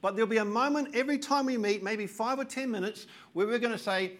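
Older guy preaching, pretty high voice, earnest, hammers the same lines over and over. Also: fast, a bit bright. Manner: earnest, emphatic preaching with repeated phrases. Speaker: pastor. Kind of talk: sermon.

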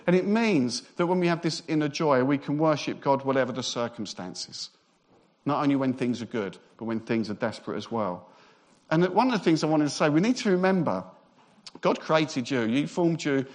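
A man preaching a sermon, lively and joking, sometimes speeding up as he gets excited. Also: on the high side.

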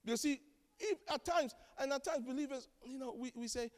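High-voiced preacher man in an echoey hall. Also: a little fast. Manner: animated, joking, acts out quoted voices. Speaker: pastor. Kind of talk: sermon. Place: church.

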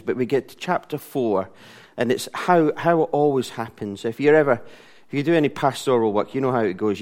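A man's voice: mid-range voice, darkish tone. A middle-aged man, preaching a casual sermon in a church, chatty and self-deprecating, laughing often. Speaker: pastor.

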